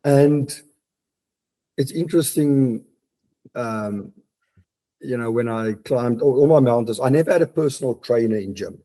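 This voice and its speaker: A man's voice: mid-range voice, measured pace, pauses often, dark tone. A man, a podcast guest talking reflectively from his home study, with frequent restarts. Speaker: guest, mountaineer and business leader. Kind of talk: casual podcast interview.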